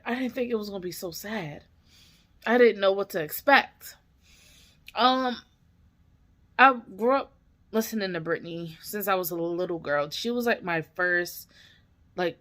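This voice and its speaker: A woman's voice: lowish voice, unhurried, pushed and bright. A woman hosting a reaction video, talking casually and emotionally, tearful and rambling with many fillers and restarts.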